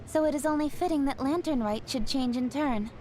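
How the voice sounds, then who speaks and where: An actress playing a composed young woman official in game dialogue, speaking in a measured, formal way. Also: high-pitched, warm tone, a little hiss or hum, lightly acted.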